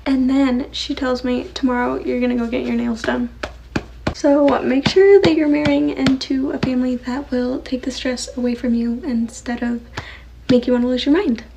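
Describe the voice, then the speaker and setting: A woman's voice: sits high, fairly even intonation, normal speed, vocal fry, noisy background. A woman giving advice in a casual storytime vlog.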